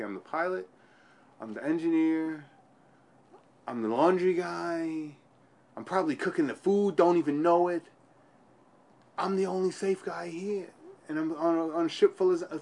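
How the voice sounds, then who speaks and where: A man telling a personal story in an interview, rambling and often repeating and restarting his phrases. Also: on the high side.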